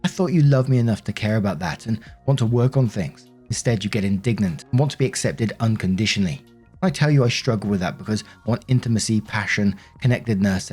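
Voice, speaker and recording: A man's voice: lowish voice, darkish tone, husky. A man reading the lines of a wounded, accusing wife in his own voice while narrating a Reddit story. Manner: bitter, reproachful, pleading.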